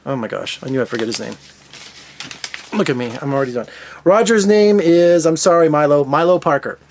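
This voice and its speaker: A man's voice: a little high, animated, fairly quick, a little hiss or hum. A man giving a casual, rambling film review, often correcting himself as he talks. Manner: rambling, self-correcting, chatty. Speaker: film critic. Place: Las Vegas.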